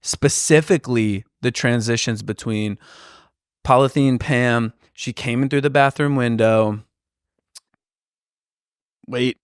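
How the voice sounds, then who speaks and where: A man's voice: medium pitch, steady tone, takes it slowly, long pauses, clean tone, dry recording, studio quality. A man co-hosting a casual podcast, rambling and laughing easily. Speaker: podcast co-host. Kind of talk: casual chat.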